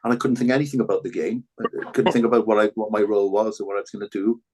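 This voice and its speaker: Older man, Welsh accent, lowish voice, halting, repeats himself, reflective. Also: fairly even intonation, darkish tone. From Wales. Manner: halting, repeats words and restarts often. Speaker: podcast guest, former rugby fullback. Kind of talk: reflective interview talk.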